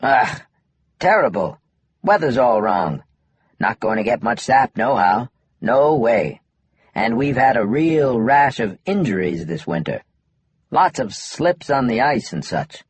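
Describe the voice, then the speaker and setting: A man's voice: medium pitch, big pitch swings, takes it slowly, dry recording, heavily acted. A man doing a grumbling Scots-tinged distiller. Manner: gruff, clipped complaining. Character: grumbling, lazy older male maple distillery owner.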